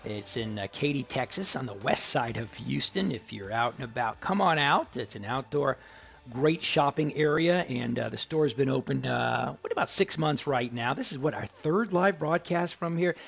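A man's voice: mid-range voice, expressive, normal speed, creaky, a bit bright. A man hosting a live tech radio show on location from a store, chatting enthusiastically with tangents and restarts. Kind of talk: live radio talk broadcast.

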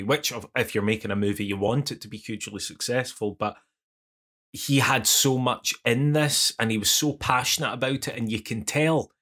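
Slow-talking man with a bright voice. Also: medium pitch. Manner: wry, mocking, does silly voices. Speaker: podcast co-host. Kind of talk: casual movie review chat.

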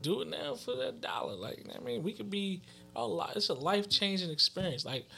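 A man in casual chat, blunt and loud, laughing often. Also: sits high, sing-song, fairly quick, creaky.

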